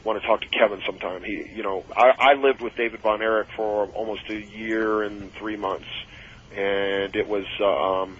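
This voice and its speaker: A man telling wrestling-road anecdotes on a radio call-in show, animated and acting out the voices of the people in his stories. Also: on the low side, normal speed, a little hiss or hum. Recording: dull lo-fi radio audio.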